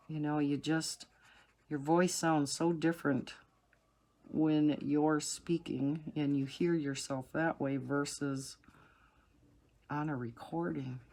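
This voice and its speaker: A middle-aged woman with a low, soothing voice, chatting casually and rambling with soft laughs while she colors. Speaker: coloring channel host.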